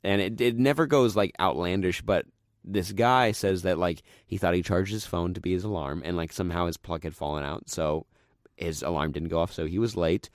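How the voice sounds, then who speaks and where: A young man with a very deep, low voice talks in a loose, rambling way, full of "like" and "um". He retells stories with eager energy and sinks into a hushed mutter whenever he quotes someone. The sound is dry and close, with no room around it. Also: normal speed, no echo. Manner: rambling, many fillers, drops into low quiet voice for quotes. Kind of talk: casual chat, retelling stories.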